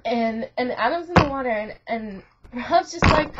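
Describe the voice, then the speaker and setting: Her voice is on the high side with lively intonation and normal speed, picked up by a lo-fi webcam with a bit of background noise. This young adult student vlogger giggles through a rambling account of her dream for a friend, full of "like" and false starts.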